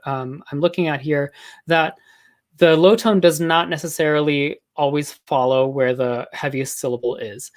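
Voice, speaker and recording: A man giving an academic linguistics talk, explaining in a casual way with many filler words and small restarts. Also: a little high. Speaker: linguistics lecturer.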